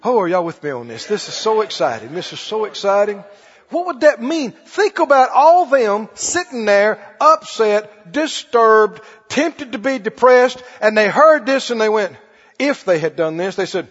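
High, husky, animated male preacher. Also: a little slow. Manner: animated, call-and-response with the congregation. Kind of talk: sermon. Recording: dull audio with long hall reverb.

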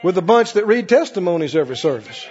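A man preaching a sermon in a large church. He works the crowd with call-and-response, swinging from loud, high cries down to low murmurs. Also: very animated, fast talker. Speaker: pastor. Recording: muffled recording with long hall reverb.

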